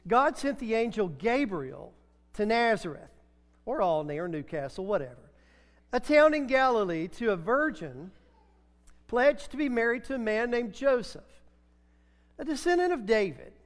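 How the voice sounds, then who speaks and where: A man's voice: very high-pitched, very animated, normal speed, big-room sound. A middle-aged man preaching a sermon in a church, telling chatty stories and sometimes breaking into a few sung lines. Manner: chatty storytelling, breaks into song. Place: church sanctuary.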